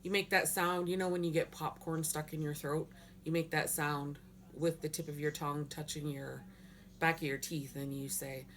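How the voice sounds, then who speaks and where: A woman's voice: low voice, fairly even intonation, normal speed. A woman teaching a language lesson, sounding words out syllable by syllable with patient explanations. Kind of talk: slow pronunciation lesson.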